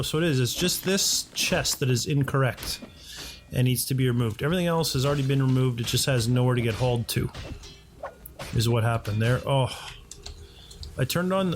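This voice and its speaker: A man's voice: medium pitch, a little hiss or hum. A man from North America giving casual gameplay commentary, thinking aloud and correcting himself as he goes. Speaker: let's play host.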